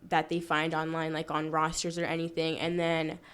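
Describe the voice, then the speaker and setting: A woman's voice: low voice, monotone, moderate pace, clean tone. Young woman, casual and filler-heavy. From Florida. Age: young adult. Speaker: student-athlete guest. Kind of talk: casual interview chat.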